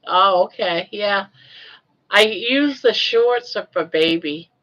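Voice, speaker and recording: An older woman from Southern Maine hosting a casual livestream chat from her home office, cooing softly to her pet between talking with viewers. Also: medium pitch, slow, dull audio. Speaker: livestream host.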